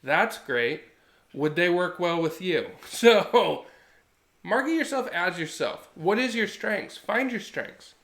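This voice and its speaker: Brief: male podcast co-host, thirties, slightly higher voice, earnest and animated. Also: slow pace, reverberant. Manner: earnest, animated storytelling with acted quotes. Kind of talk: casual podcast chat.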